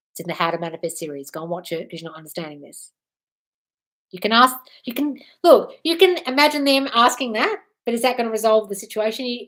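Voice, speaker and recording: An Australian woman hosting a live-stream Q&A, reading out comments and answering bluntly but affectionately, calling listeners darling. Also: medium pitch. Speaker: manifestation coach.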